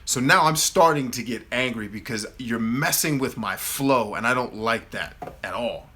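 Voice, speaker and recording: Man in his thirties, host, animated storyteller with a bright, forceful tone. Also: medium pitch, moderate pace. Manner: animated, acts out his own replies in a louder voice. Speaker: host of a live Q&A. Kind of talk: casual storytelling.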